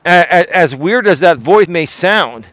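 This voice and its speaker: Man, live-stream host, emphatic, defensive, repeats himself, fairly high voice, dry close sound. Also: expressive, a little slow, fairly bright tone, no room sound. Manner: talks straight to chat, asks pointed questions. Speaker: livestream host. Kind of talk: casual live-stream commentary.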